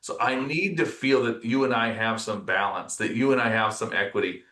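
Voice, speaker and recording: On a relaxed conversational podcast, a male executive guest reflects on his experiences through stories, livening up when he quotes other people. He talks at a normal speed with a medium pitch, and the sound is reverberant.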